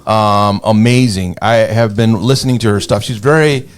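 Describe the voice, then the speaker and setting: A man's voice: on the low side, normal speed. A man from Northern Michigan co-hosting a podcast, chatting casually with many fillers and restarts. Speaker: podcast co-host. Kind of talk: casual chat.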